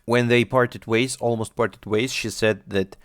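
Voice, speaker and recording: A man's voice: mid-range voice, steady tone, a little slow, no echo, clean studio sound. A man giving casual reaction commentary on an anime at home, rambling, swearing and thinking aloud. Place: home, on a squeaky chair.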